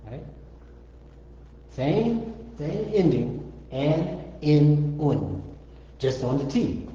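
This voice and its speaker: A man teaching an informal Arabic lesson, slowly sounding out letters and vowels with patient repetition. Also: fairly high pitch, sing-song, warm tone, slight background noise. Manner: slow, repeats sounds patiently. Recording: echoey room, dull lo-fi audio.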